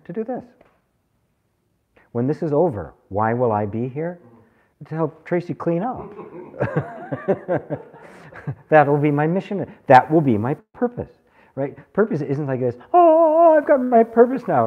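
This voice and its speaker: A man teaching a spiritual group, animated and laughing often as he acts out people's questions. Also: medium pitch, normal speed, long pauses, phone-quality sound. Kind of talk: satsang talk to a live group.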